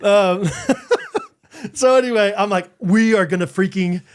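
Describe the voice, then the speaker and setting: Podcast co-host, man in his 30s, high-pitched and animated storyteller, acts out quotes, laughs a lot. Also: unhurried. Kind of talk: casual chat.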